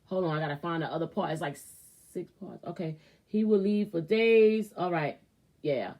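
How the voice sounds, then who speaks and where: A woman hosting a casual advice show, reading a viewer's letter aloud and reacting with loud outbursts and muttered asides. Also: fairly low pitch, normal speed. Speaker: host.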